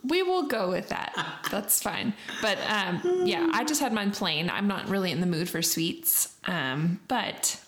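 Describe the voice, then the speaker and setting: A woman's voice: mid-range voice, lively intonation, unhurried, few pauses, a bit bright. A woman co-hosting a casual chat show, chatty and teasing, often laughing. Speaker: podcast co-host.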